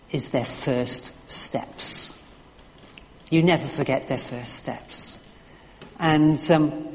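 Earnest middle-aged preacher in a reverberant hall. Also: male voice, fairly high pitch. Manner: earnest, anecdotal, with fillers and restarts. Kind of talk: sermon.

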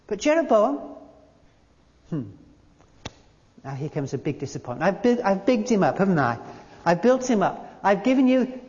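A man preaching a sermon, emphatic, repeating key phrases and slowing down to read quotations. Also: high voice, darkish tone. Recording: dull lo-fi sound with long hall reverb.

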